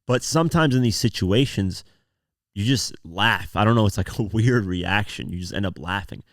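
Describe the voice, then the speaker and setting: Deep-voiced man rambling on a podcast. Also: lively intonation, moderate pace, no room sound, studio quality. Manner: rambling storytelling, frequent "you know" and "man". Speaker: podcast host. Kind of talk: casual solo commentary.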